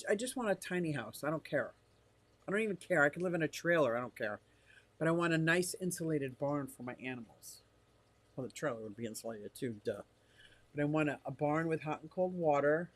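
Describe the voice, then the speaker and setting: A man's voice: fairly high pitch, fairly quick. An older man live-streaming from his fish room, rambling casually and reading comments from the chat aloud.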